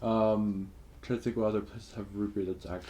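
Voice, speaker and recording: A man's voice: fairly low pitch, flat delivery, normal speed, mellow. A young man co-hosting a casual podcast, rambling with lots of fillers. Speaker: podcast co-host. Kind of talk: casual chat.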